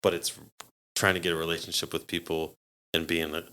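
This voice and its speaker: A man's voice: sits low, brisk, clean tone. A man, a podcast guest, telling stories in a casual way and acting out the people he quotes. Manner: animated, acts out quoted voices with laughs. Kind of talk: casual storytelling.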